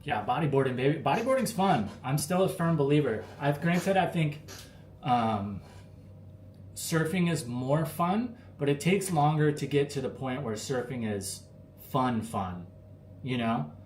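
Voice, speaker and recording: A relaxed American man talks to his live chat in an easygoing, rambling way, filling gaps with "like" and "you know." His voice sits at an ordinary pitch for a man. The room around him is echoey, with a faint background hum. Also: unhurried. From United States. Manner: laid-back, rambling, lots of fillers. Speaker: livestream host answering chat. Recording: roomy with faint ambience.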